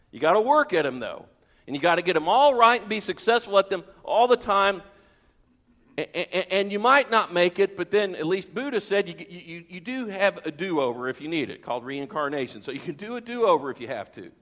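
A man's voice: high-pitched, fairly bright tone, big-room sound. A man preaching a sermon as pastor, emphatic, with rhetorical questions and repeated phrases.

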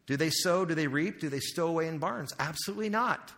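Higher-voiced male pastor, hall echo. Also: quick pace, a bit bright. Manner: conversational, asks the audience questions, joking asides. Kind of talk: sermon. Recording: long hall reverb.

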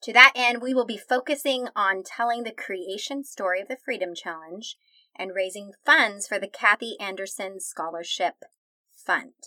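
A woman's voice: mid-range voice, normal speed, pushed and bright, dry recording. Beaming woman podcast host. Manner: enthusiastic, smiling delivery. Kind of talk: warm podcast interview.

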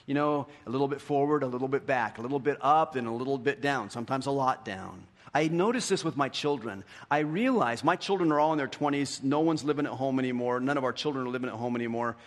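A pastor in his fifties preaching a sermon, telling stories with animation and dropping to hushed, repeated questions. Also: mid-range voice, fast talker, hardly any pauses. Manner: animated storytelling, swings from hushed questions to lively retellings. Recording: long hall reverb.

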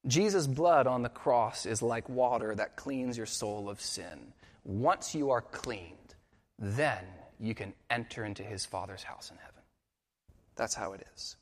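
A man pastor preaching a sermon with earnest intensity, dropping quiet and rising for emphasis. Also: medium pitch, expressive, unhurried, long reverb tail.

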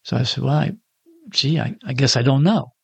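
A man's voice: mid-range voice, fairly quick, vocal fry, darkish tone, slightly rough, no echo, dull audio. A man in his sixties telling a personal story in a casual, self-deprecating way and acting out the dialogue. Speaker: storyteller giving a personal testimony.

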